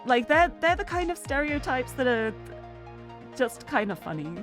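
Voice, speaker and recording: A woman's voice: sits high, big pitch swings, normal speed, a bit bright, faint music behind. A British woman chatting casually and giggling while streaming a video game. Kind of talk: casual gameplay commentary.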